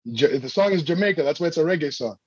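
A man's voice: fairly high pitch, animated, fast, darkish tone, breathy edge, no echo, lo-fi sound. A man co-hosting a podcast, chatting casually and sharing trivia with a teasing tone. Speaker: podcast co-host. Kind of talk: casual chat.

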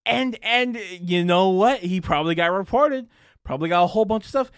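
Lively young man ranting on a podcast. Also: high voice, fairly quick, smooth, dry recording, studio quality. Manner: ranting, laughing often, crude; acts out quoted people in raised voices. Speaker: podcast host. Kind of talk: casual solo rant.

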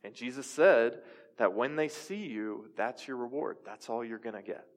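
A man's voice: medium pitch, normal speed. Man preaching in a reverberant hall. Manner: conversational preaching with audience questions. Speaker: pastor. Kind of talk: sermon.

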